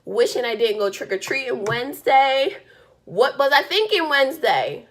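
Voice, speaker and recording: A woman's voice: high-pitched, sing-song, normal speed, fairly bright tone. A woman vlogging as a single mom, telling a story in a chatty, exasperated rant full of "like". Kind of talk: casual storytelling rant to camera.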